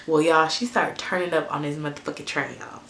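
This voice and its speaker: Young woman, animated storytelling, low voice, echoey room. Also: a little fast, very noisy. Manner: animated, swears freely, asides to viewers. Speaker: storytime vlogger. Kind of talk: casual storytelling to camera.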